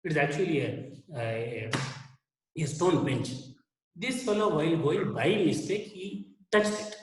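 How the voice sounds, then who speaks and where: A man's voice: a little high, animated, unhurried. A man giving a conversational lecture in a webinar, explaining with everyday examples and acting out inner dialogue. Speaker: webinar speaker on anger management. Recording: roomy echo.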